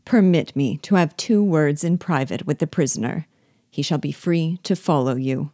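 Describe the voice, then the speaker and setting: Brief: woman reading a low-voiced, obsequious yet scheming male rebel chief; audiobook, dry mic. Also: normal speed, mellow, dry recording. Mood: sardonic. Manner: sly, falsely frank, obsequious.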